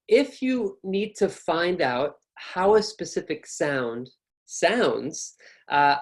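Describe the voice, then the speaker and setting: A young man with an American accent leads an online lesson on pronunciation. He talks in a relaxed, explanatory way and sounds out each example himself. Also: mid-range voice. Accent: General American. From North America. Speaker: pronunciation teacher.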